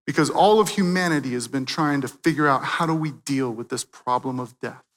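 A man preaching a sermon, swinging from loud, emphatic peaks to quiet, hushed moments. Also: mid-range voice, brisk, big-room sound. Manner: dynamic preaching, swelling loud then dropping soft.

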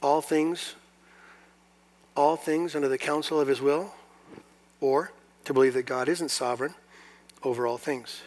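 A man preaches to his congregation in a slightly high voice. He drops to quiet, confiding asides, then builds to loud, emphatic lines and puts rhetorical questions to the room. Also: steady tone, a little slow, pauses often. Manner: asks the audience rhetorical questions. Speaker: pastor. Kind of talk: sermon. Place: church hall before a congregation.

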